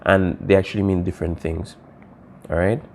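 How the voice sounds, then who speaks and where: A man's voice: sits low, fairly even intonation, normal speed, darkish tone, slight background noise. A man teaching a Spanish lesson, patiently explaining phrases and often checking in with "okay" and "all right". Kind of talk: recorded classroom lesson, writing on a board.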